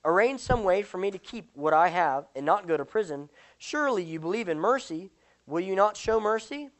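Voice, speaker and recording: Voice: medium pitch, animated, normal speed, close to an everyday voice. A speaker reading a parable aloud and voicing the lines of a desperate male debtor who pleads for mercy. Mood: pleading.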